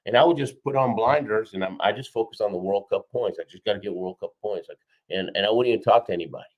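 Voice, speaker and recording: A man telling a story as a guest in an interview, energetic and punctuating his points with "right?" and "okay?". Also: fairly low pitch, fast, highs cut off. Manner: energetic, frequently acts out quoted voices, punctuates with "right?" and "okay?". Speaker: guest, four-time Olympian and keynote speaker. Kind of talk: animated storytelling in a podcast interview.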